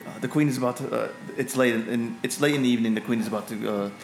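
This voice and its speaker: A man's voice: medium pitch, fast talker, a little hiss or hum, close to an everyday voice. A man voicing a stern, impatient older male guard in a tabletop game. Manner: gruff, curt. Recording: echoey room, faint music.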